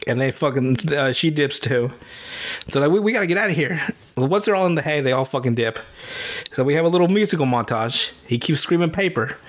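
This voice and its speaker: A man hosting a podcast, casually recapping a cartoon with a lot of swearing and laughter. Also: mid-range voice. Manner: profane, laughing storyteller who recaps cartoons; animated, jumps into silly character voices. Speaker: podcast host. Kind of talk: casual chat.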